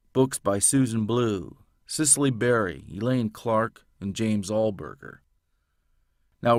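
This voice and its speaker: A man, an audiobook narrator, answering interview questions in a measured, explanatory way, recorded in a home closet sound booth. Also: fairly low pitch, creaky, dry recording. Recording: dead dry home booth.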